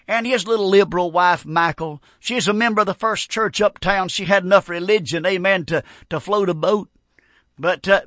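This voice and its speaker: A man preaching a fervent, folksy revival sermon, breaking into shouts. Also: high-pitched, no room sound, studio quality. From North Carolina. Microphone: broadcast on radio.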